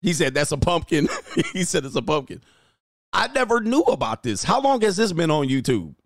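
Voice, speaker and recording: A male host with a high voice reads viewer comments in a loose, casual chat. He swings his pitch widely, often bursting into exclamations and laughter. The recording is dry and close. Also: big pitch swings, moderate pace, no echo. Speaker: host and coach.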